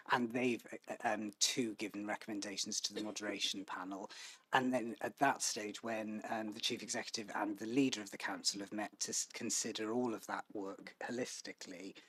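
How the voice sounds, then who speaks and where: Council director man, lowish voice, dry close sound, careful and halting formal answers. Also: a bit bright, slightly rough, no room sound, rough recording. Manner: measured, hesitant, many ums and restarts. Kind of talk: formal committee meeting answer. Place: council committee meeting, hybrid.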